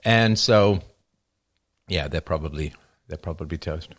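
A man's voice: low voice, a little slow, fairly bright tone, dry recording. A middle-aged man hosting a livestream, talking in a wry, rambling way while answering questions. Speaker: livestream host taking questions. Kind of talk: casual livestream monologue.

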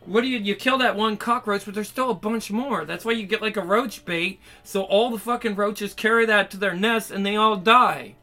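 A man's voice: high voice, steady tone, normal speed, hardly any pauses, bright, forceful tone, faint music behind. A man ranting in an angry, profane, rambling monologue.

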